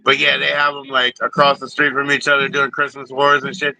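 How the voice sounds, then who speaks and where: Man ranting, very bright tense voice. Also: medium pitch, little pitch movement, brisk, gravelly, poor audio. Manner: profane, rambling, heated. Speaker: livestream host. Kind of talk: casual livestream rant.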